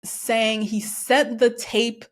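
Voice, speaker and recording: Animated woman chatting about a show. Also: a little high, drawn-out words. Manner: animated, laughs often, swears casually. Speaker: podcast co-host. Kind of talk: casual chat recapping a TV show.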